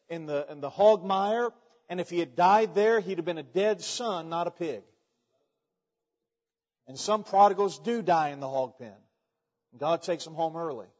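Preacher man, high voice, folksy storytelling, lots of echo. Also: a little mellow. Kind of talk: sermon. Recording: echoey hall, dull sound.

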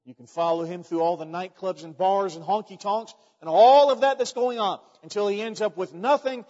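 A man's voice: high voice, normal speed, darkish tone. A man preaching a sermon, telling a folksy story with lots of repetition, in an echoey hall with dull sound.

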